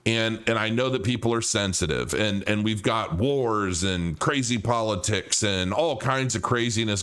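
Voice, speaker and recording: A man's voice: on the low side, fairly bright tone, smooth. Blunt, profane man ranting to camera. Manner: blunt, profane, repeats words when restarting. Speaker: crypto commentator. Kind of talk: casual vlog rant.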